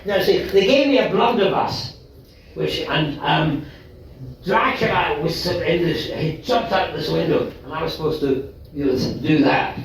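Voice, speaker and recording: An older actor recalls his career before a live audience, lively and laughing, restarting sentences as ideas crowd in. His fairly high voice sounds distant, heavily reverberant, with a faint hiss. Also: moderate pace, creaky. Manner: animated, chuckling, self-interrupting storyteller. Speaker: guest actor telling stories on stage. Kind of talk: live anecdote telling. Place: live event venue with audience. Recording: very echoey live room from far off, faint noise.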